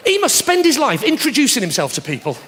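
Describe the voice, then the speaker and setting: A man doing live stand-up comedy, teasing the crowd, with loud punchlines. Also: very high-pitched, huge pitch swings, fast. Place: large theatre stage with audience. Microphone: stage microphone. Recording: roomy live theatre with audience noise. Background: audience laughter.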